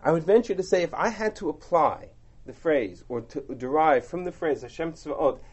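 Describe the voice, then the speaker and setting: A man teaching a text study class, explaining with animated, rhetorical asides. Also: a little high, normal speed, breathy edge, muffled recording.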